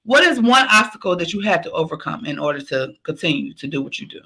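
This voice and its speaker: A woman's voice: sits low, big pitch swings, quick pace, creaky, pushed and bright, rough recording. A woman hosting a podcast, giving an emphatic, repetitive motivational pep talk. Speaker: podcast host.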